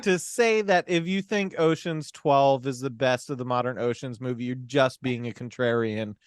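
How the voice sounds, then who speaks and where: A man's voice: medium pitch, moderate pace, clear, resonant tone, no room sound, clean studio sound. A man co-hosting a casual film podcast, talking emphatically with swearing and laughs while recapping a plot. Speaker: podcast co-host.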